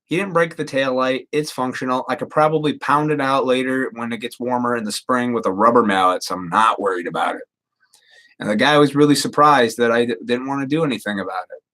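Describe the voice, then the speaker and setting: A man's voice: medium pitch, fairly quick, a bit bright. A man in his thirties rambling casually and profanely to viewers on a live stream. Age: 30s.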